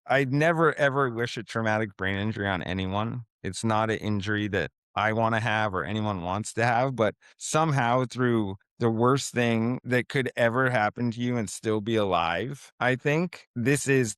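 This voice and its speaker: A man in his thirties talks casually as a podcast guest from home, where a baby can be heard nearby, using lots of fillers and laid-back slang in an interview setting. His medium-pitched voice is fairly bright and clean, captured in a dry recording with clean studio sound.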